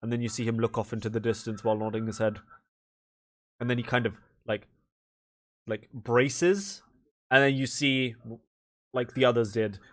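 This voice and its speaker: A man's voice: medium pitch, fairly even intonation, normal speed, long pauses. A man narrating a tabletop game as game master, in a rambling, casual way full of fillers.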